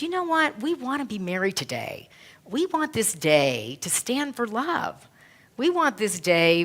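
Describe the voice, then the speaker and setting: A woman's voice: on the low side, fairly bright tone. Earnest woman minister telling a story. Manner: storytelling, emotional and earnest, many quoted retellings. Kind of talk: sermon. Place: church.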